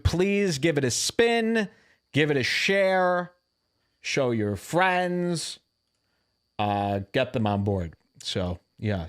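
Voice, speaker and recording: A man's voice: fairly high pitch, no room sound, clean studio sound. A man hosting a podcast, ranting casually with a mocking, profane edge. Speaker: podcast host.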